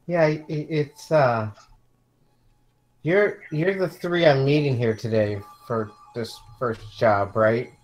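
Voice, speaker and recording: A man's voice: mid-range voice, takes it slowly, faint music behind, pitched above the performer's own voice, natural voice, poor audio. A man voicing a timid young woman detective, hesitant and stumbling.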